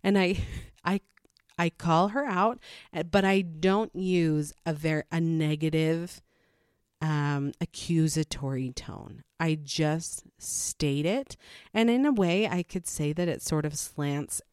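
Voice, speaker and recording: A woman's voice: deep voice, slow pace, clear, resonant tone, no room sound, studio quality. A woman, a mother, giving frank, matter-of-fact parenting advice in a casual talk. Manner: frank, matter-of-fact, with animated quoted asides. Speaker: parenting vlogger.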